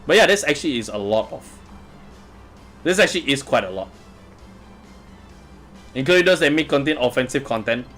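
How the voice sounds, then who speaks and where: A man's voice: medium pitch, expressive, moderate pace, pauses often, fairly bright tone, faint music behind. A man hosting a casual live stream, answering viewer comments in a chatty way and chuckling often. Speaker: livestream host reading chat.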